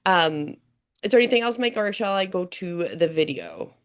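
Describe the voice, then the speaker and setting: A woman's voice: medium pitch, expressive, normal speed. A woman who hosts a casual group discussion, giving motivational advice and often checking in with "right?". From Canada. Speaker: host, creator coach.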